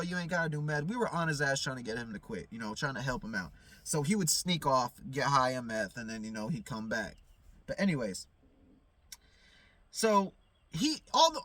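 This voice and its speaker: High, bright-voiced man ranting in a car. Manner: profane, heated, rambling with many fillers. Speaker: vlogger. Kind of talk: casual storytelling to camera. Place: inside a parked car at night.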